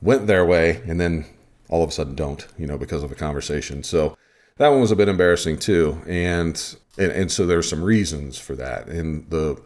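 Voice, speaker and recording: A man's voice: rumbling low, moderate pace. A man hosting a podcast, telling an umpiring story casually and with energy. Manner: animated retelling of a game story.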